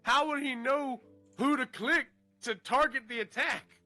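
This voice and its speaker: Excitable male voice actor, high and bright, lively delivery, swears casually. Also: soft background music. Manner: excitable, swears freely, quick to laugh. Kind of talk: casual chat.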